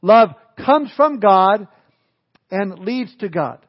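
A man's voice: high voice, animated, takes it slowly, dull audio. A middle-aged man preaching a sermon, mixing scripture with folksy jokes and asides. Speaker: pastor.

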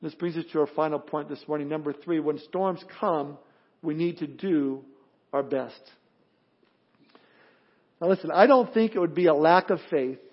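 A pastor preaching a sermon in an emphatic, animated way, often repeating words as he goes. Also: a little high, breathy edge, lo-fi sound.

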